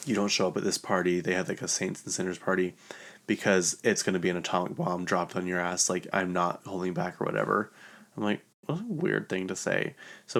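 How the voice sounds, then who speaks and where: A man with a very deep voice talks through a reality show in a loose, chatty gossip recap. Strong vocal fry runs through his sentences, and he keeps looping back with "like" as he rambles from one point to the next. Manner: chatty, rambling, heavy use of "like" fillers. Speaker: podcast host.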